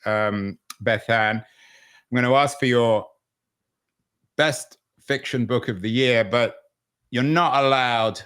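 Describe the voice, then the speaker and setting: A man hosting a podcast interview, making wry remarks in a halting way with restarts. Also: mid-range voice, fairly bright tone, clean tone. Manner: wry, hesitant, many fillers and restarts. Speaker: podcast host. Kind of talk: conversational interview.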